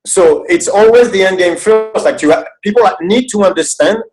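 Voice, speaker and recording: A man's voice: sits high, normal speed, a little mellow, soft background music, poor audio. A man with a French accent, a guest strength coach on a podcast, explaining training with earnest, plain-spoken detail. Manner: earnest, explanatory, swears casually.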